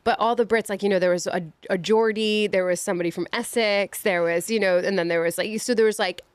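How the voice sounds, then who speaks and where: An American actress chats on a podcast, lively and quick to laugh, slipping into jokey voices as she tells stories. Her voice sits dry and close on the mic, with no room sound. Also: clear, resonant tone, no room sound. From United States. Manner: animated storyteller who mimics accents with big pitch jumps; frequent laughter and "you know what I mean?". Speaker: podcast guest, stage actor. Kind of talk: casual chat.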